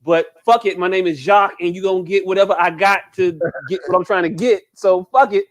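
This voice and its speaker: Sounding slightly tipsy, this high-pitched male co-host keeps bursting into laughter during a casual, comic podcast conversation. He's profane and animated, speaks a little fast with a bouncing, excitable energy, and repeatedly says "hey, look."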